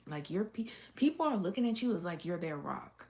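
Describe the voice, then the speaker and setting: Woman reading cards for her viewers. Lowish voice, off-the-cuff delivery, blunt, swears freely, laughs often. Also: very animated, brisk, a little mellow. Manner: blunt and profane, with frequent laughs and fillers. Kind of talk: casual unscripted reading to camera.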